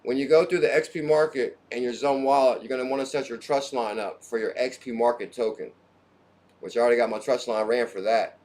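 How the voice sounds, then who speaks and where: Male livestream host, middle pitch, energetic and scattered, constantly shouting out the chat. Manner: hyped, hops between topics, shouts out chat viewers.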